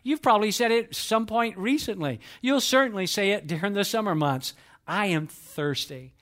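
A middle-aged man from Georgia, preaching a sermon in an earnest storytelling way and slowing down when he quotes scripture. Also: sits high, animated, fairly bright tone. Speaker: pastor.

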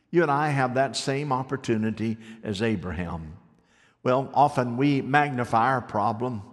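A man's voice: medium pitch, big-room sound. A man pastor preaching a sermon, speaking directly to listeners at home.

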